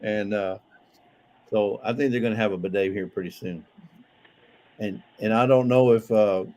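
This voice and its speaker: A man's voice: lowish voice, fairly even intonation, moderate pace, dark tone. Rambling joking man. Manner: rambling, joking, frequent restarts. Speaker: livestream co-host. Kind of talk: casual livestream chat reading viewer comments.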